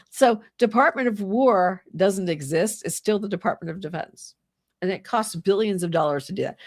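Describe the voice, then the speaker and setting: Her voice a little high, a middle-aged woman hosts a livestream from her home with a fire going. She rants casually and in exasperation about politics, laughing a lot and putting on voices to mock people. The audio is dry and cleanly studio-recorded.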